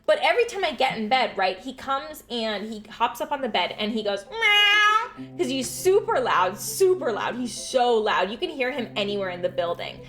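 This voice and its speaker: A young adult woman streamer telling stories in a casual, animated chat, swearing freely. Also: on the high side, moderate pace, hardly any pauses.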